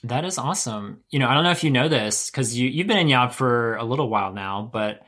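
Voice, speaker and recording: Upbeat American podcast host, easygoing and talkative, middle-pitched voice. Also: male voice, animated, brisk. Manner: warm enthusiastic rambling, self-correcting. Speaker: podcast host and co-founder editor. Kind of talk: casual podcast chat.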